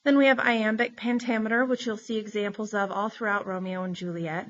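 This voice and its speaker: A woman teacher giving a recorded lesson, explaining terms in a clear, steady way. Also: medium pitch, fairly quick, few pauses, lo-fi sound.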